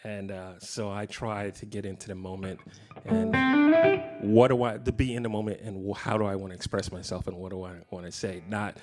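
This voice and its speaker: Relaxed low-voiced man teaching guitar. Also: brisk. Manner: relaxed, rambling, many fillers. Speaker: guitar clinic presenter. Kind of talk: casual teaching talk. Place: guitar shop. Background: guitar playing.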